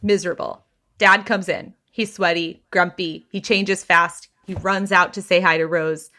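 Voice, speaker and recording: A woman's voice: on the low side, unhurried. Woman telling a story, acting out quotes. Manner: animated retelling, acting out quotes. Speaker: podcast host. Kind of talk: storytelling gossip chat.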